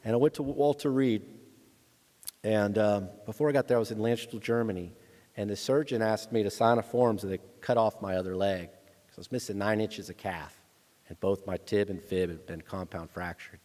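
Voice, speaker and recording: A man in his thirties tells a personal story from a lecture stage, his low voice trailing off into the long reverb of a large hall. He acts out the other people's voices and slips in dry humor. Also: steady tone, moderate pace, a little mellow. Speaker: guest speaker, veteran.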